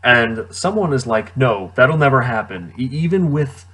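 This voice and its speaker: A man's voice: mid-range voice, expressive, moderate pace, a bit bright, breathy edge. Sarcastic man ranting about a movie. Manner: sarcastic, incredulous, laughs often. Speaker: movie reviewer. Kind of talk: casual movie commentary.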